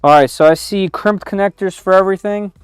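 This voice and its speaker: A man's voice: high-pitched, a little fast, clear, resonant tone, no echo, clean studio sound, faint music behind. A man giving live-stream commentary while unboxing a machine in his home workshop, thinking aloud with frequent "uh"s and small restarts.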